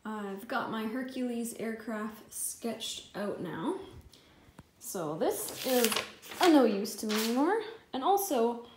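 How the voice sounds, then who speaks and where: A woman's voice: fairly high pitch, lively intonation, slow pace, over music. A woman painter talking casually through a how-to, chatty and jokey, thinking aloud as she works through the math. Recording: echoey room with faint ambience.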